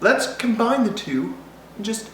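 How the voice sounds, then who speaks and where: A man's voice: sits high, big pitch swings, unhurried, noisy background. A man telling a comedic childhood story to camera, rambling and interrupting himself with jokes. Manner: rambling, self-interrupting, jokey. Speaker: vlogger. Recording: echoey room.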